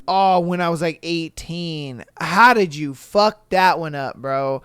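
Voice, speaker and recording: A man's voice: high-pitched, takes it slowly, a bit bright, smooth, no echo, studio quality. A man hosting a podcast, reading listener stories in casual, slangy chat and laughing often. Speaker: podcast host.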